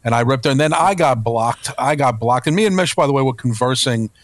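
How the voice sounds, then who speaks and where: A man's voice: medium pitch, fairly quick, no echo. A man co-hosting a podcast, telling a story in a rambling, casual way with swearing and restarts. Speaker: podcast co-host. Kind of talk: casual chat.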